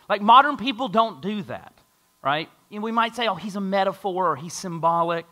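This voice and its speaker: A pastor with a high-pitched voice preaches to his congregation at a fairly quick pace. His delivery is lively: he reads scripture aloud and slips into a mocking voice to play a skeptic.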